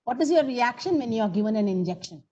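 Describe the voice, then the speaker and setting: A woman's voice: on the high side, lively intonation, quick pace, mellow, dull audio. A woman with an Indian English accent teaching grammar in an online coaching class, coaxing her students to answer her questions. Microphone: video call.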